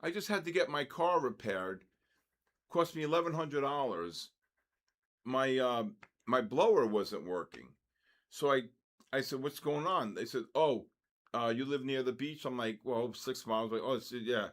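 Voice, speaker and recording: Older New trader hosting a live session, rambles and rants between market calls. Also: male voice, medium pitch, expressive, normal speed. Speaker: trading session host. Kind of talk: casual live trading commentary.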